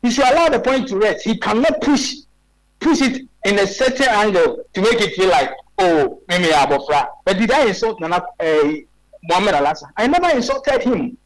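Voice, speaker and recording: A man's voice: sits high, expressive, normal speed, low-quality recording. A man in his forties with a Ghanaian accent, a guest on a radio talk show, making his case emphatically and firing off rhetorical questions. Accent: Ghanaian English. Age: 40s.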